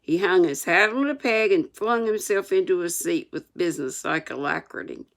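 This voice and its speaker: A woman's voice: lowish voice, expressive, moderate pace. An older woman reading a classic novel aloud, adding homespun, chatty asides. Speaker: storyteller.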